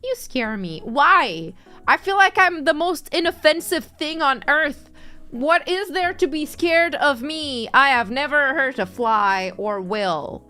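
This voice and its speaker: A young woman chats casually on her stream, teasing her viewers and laughing often as she reads their messages. Her voice sits high and swings widely in pitch. Quiet music plays underneath. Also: lively intonation, slow. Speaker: streamer reading chat. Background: faint background music.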